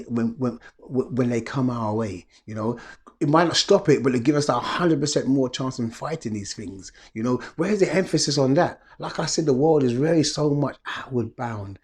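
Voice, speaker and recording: A man's voice: mid-range voice, darkish tone. A middle-aged man, a wellness coach, giving an earnest reflective motivational talk full of repeated rhetorical questions.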